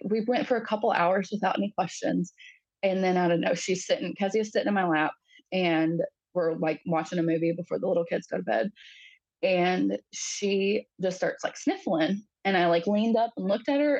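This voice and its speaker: Husky-voiced woman telling a personal story. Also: mid-range voice, no room sound, highs cut off. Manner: halting, frequent fillers, acts out quoted voices. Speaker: podcast guest.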